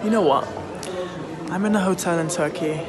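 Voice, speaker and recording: A woman's voice: lowish voice, moderate pace, a crowd in the background. A woman teammate sending a casual, playful then heartfelt video tribute from a hotel room. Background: music playing.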